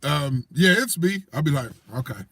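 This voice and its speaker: A man, telling animated stories in casual chat and acting out the voices of the people in them. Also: a little high, normal speed, creaky, no room sound. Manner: animated storyteller acting out quoted voices, laughing often. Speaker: co-host.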